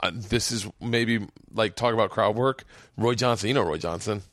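Middle-aged guy on a podcast, animated storyteller, swears a lot, dry close mic. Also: lowish voice, moderate pace, no room sound. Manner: animated, swearing, acts out voices in anecdotes. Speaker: podcast host. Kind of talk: casual chat, storytelling.

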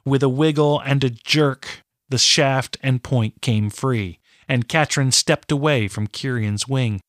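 Slow, deliberate male storyteller. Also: mid-range voice, dry recording, studio quality. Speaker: audiobook narrator. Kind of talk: scripted narration.

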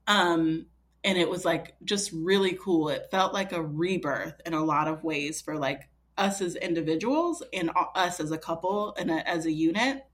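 A woman's voice: fairly low pitch, normal speed, fairly bright tone. A woman in her thirties, a podcast guest telling a personal story in a chatty way, full of fillers and quoting herself. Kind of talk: casual storytelling.

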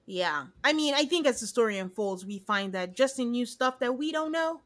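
A woman's voice: fairly high pitch, expressive, moderate pace. A woman chatting casually as a podcast co-host, animatedly retelling scenes and acting out the quotes. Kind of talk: casual recap chat.

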